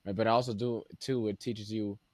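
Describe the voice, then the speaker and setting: Young man hosting, low and dry. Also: steady tone, normal speed, no room sound. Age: young adult. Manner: loose, filler-heavy, says "like" often. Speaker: podcast host. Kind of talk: casual interview chat.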